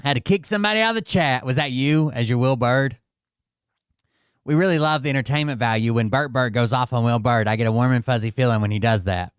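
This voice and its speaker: A man hosting a reaction show, delivering mocking, deadpan commentary and swearing casually. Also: mid-range voice, fast, clear, resonant tone, dry recording, studio quality. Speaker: host.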